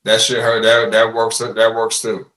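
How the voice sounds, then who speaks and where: A man talking in a casual interview with a bright, forceful voice. He is animated and often doubles up his words as he gets going. His voice rings in a roomy, echoey space. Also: lowish voice, measured pace. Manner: animated, repeats words when starting a thought. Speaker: interview guest.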